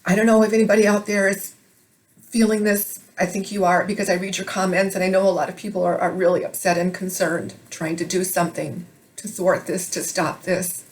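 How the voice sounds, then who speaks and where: A woman's voice: fairly low pitch, level tone, a little fast. A woman from Minnesota delivering an emotional, urgent monologue to camera for her video blog. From Minnesota, United States. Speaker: video blogger.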